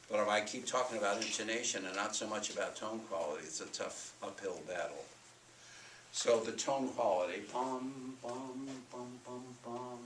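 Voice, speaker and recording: An older man lectures to a college audience, his voice bright and forceful. He keeps dropping into sung syllables and chanted rhythms to show what he means. The sound is roomy and distant, with a faint hiss behind it. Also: on the low side. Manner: breaks into solfège and chanted rhythm syllables to demonstrate. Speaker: music education lecturer. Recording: roomy hall recording from far off.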